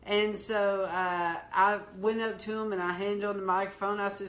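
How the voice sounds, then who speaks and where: A woman hosting a faith talk, telling a story in a slow, earnest way. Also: medium pitch, steady tone, a bit bright, roomy sound. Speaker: host.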